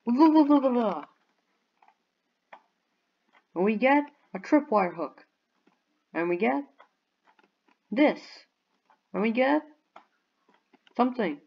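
A young woman giving bubbly, excitable commentary on a video game and cheering at her finds. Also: fairly high pitch, slow pace, pauses often, slightly rough, muffled recording. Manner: bubbly, excitable, squeals and shouts in surprise. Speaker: gaming YouTuber.

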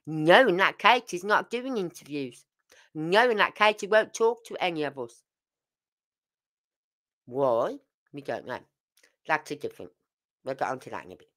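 A woman's voice: deep voice, big pitch swings, moderate pace, pauses often, fairly bright tone. An older woman, hosting a true crime channel and giving casual, emphatic commentary full of rhetorical questions.

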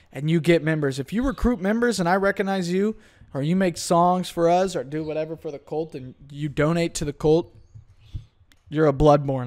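A young man hosting a solo podcast, ranting in a profane, rambling way and often breaking off mid-thought. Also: on the high side. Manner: profane, rambling, self-interrupting. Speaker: podcast host.

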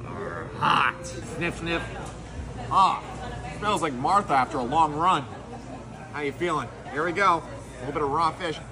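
A man's voice: on the high side, measured pace, pauses often, crowd noise. A man playing a crude, flirty, cocky Grinch in a public comedy skit, talking brashly. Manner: brash, joking, loud. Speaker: comedian in costume.

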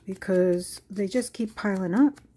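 Slow, mellow-voiced woman crafting. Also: mid-range voice. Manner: unhurried, musing aloud while working, drifts into soft whispers. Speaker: crafting channel host. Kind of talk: casual crafting tutorial. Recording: faint background noise.

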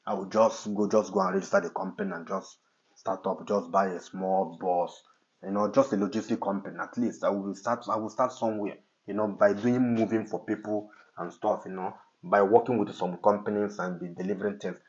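A man's voice: fairly low pitch, fairly even intonation, fairly quick, close to an everyday voice. A man playing an agitated husband who keeps insisting he is fed up with his job, in a dull lo-fi recording. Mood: determined. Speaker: actor in a home skit.

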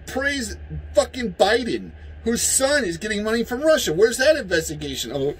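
High-voiced man in a profane rant. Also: big pitch swings, moderate pace, husky, rough recording. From United States. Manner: heated, profane, yelling at times. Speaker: vlogger. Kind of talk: angry political rant.

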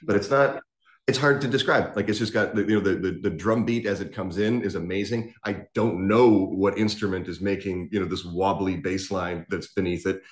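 A man's voice: sits low, normal speed, echoey room. A man co-hosting a podcast, chatting about music in a rambling, enthusiastic way with many restarts. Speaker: podcast co-host. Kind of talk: casual chat about music.

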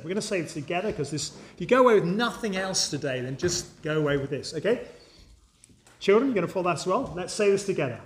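High-voiced man preaching an Easter sermon. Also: expressive, moderate pace, a bit bright. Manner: earnest, emphatic, addresses listeners directly. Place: church service.

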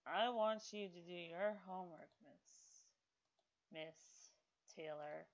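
Woman chatting slow over her sims game, lots of ums, kinda muffled lo-fi mic. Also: on the low side. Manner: rambling with many fillers, scolds game characters aloud. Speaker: gaming video host. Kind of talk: casual gameplay commentary.

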